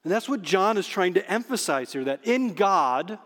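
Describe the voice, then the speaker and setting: A man preaching a sermon as pastor, emphatic and slowing down on key phrases. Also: high voice, lively intonation, fairly bright tone. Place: church sanctuary under stage spotlights. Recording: long hall reverb.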